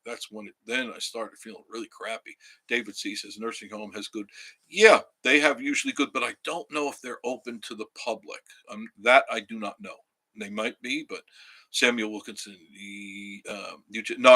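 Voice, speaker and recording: Male live-stream host, rambling and casual, forceful bright tone, a bit low. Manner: rambling, chatty, reads viewer comments aloud. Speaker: livestream host. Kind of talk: casual live-stream chat reading comments.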